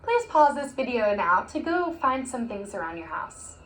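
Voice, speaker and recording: A woman's voice: fairly high pitch, very animated, moderate pace, fairly bright tone. A young woman teaching a recorded music lesson to children, chanting rhymes in an encouraging, sing-song voice. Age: young adult. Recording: echoey room with faint hiss.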